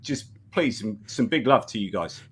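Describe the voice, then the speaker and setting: A man's voice: lowish voice, animated, moderate pace, fairly bright tone, slightly rough, pitched below the performer's own voice. Brief: a matey New Zealander full of "look" and "mate", as a man does the accent. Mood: jokey. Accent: put-on New Zealand accent. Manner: slangy, keeps saying "look" and "mate". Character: jovial male New Zealander, matey and laid-back. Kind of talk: playful impression on a live stream.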